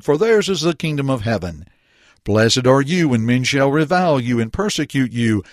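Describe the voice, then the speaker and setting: Male preacher, measured Bible-lesson delivery, average pitch, dry close-miked recording. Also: no echo. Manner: measured, reads scripture slowly and deliberately.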